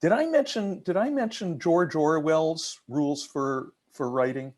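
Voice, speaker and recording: A man's voice: on the high side, a little slow, darkish tone. A man leading an online haiku workshop, asking questions and teaching in a talkative way with many restarts.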